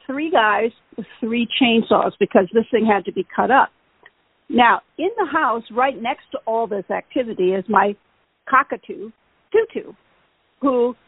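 A woman co-hosting a pet podcast, telling a funny story in a casual, animated way and laughing often. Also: on the high side, breathy edge, dry recording. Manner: animated, laughing, acts out voices in her stories. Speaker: podcast co-host. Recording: phone-like, narrow band.

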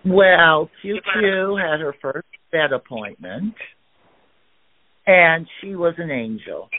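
Male co-host, higher, sing-song pitch, slow and hesitant, tinny line. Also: animated, dry recording. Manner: unhurried, hesitant, with fillers. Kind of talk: casual chat.

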